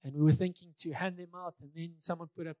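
A man's voice: a little high, steady tone, fast, dark tone, no echo. A male pastor preaching a sermon in a conversational way, repeating key phrases for emphasis, with touches of light humor.

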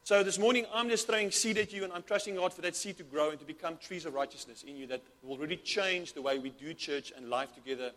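High-voiced fervent male preacher. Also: fast, hardly any pauses, sharp tone. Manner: fervent, repetitive, many restarts. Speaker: pastor. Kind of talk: sermon.

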